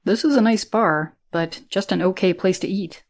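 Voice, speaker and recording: Blake, a woman doing a smooth-talking man. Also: mid-range voice, normal speed, darkish tone, lightly acted. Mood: confident. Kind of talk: audiobook character reading.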